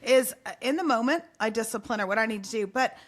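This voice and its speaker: A woman in her forties, a podcast guest, telling a lively parenting story in casual conversation and acting out the people in it. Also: a little high, fast talker. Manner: speaks of faith and parenting.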